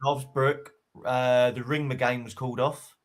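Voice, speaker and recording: A man co-hosting a casual football podcast, chatty and quick to laugh as he tells stories. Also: medium pitch, steady tone. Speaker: podcast co-host.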